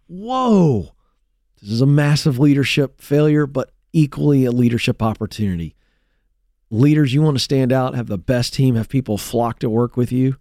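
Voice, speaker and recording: A man's voice: mid-range voice, fairly quick, warm tone, no room sound. A middle-aged man hosting a talk show, speaking in an emphatic, storytelling manner into a studio mic. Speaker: host.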